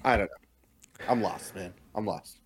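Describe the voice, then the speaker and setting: A man's voice: fairly low pitch, a little slow. A man co-hosting a podcast in casual chat, swearing often and laughing a lot as he rants. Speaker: podcast co-host.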